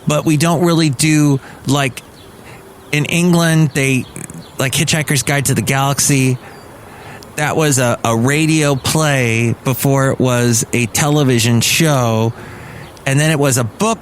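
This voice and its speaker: An American man with an American accent hosts a casual solo podcast. He rambles eagerly and keeps correcting himself mid-sentence. His voice sits at an average pitch for a man, with faint traffic noise behind it. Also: fairly even intonation, unhurried. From United States. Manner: rambling, enthusiastic, self-correcting. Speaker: podcast host and talk radio worker.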